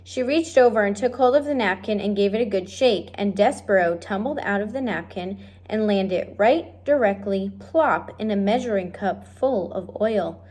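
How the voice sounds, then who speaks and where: A woman reading a children's novel aloud, speaking directly and warmly to her listeners. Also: medium pitch, normal speed, few pauses. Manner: friendly, direct address to listeners. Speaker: reader of a children's book. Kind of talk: read-aloud storytelling.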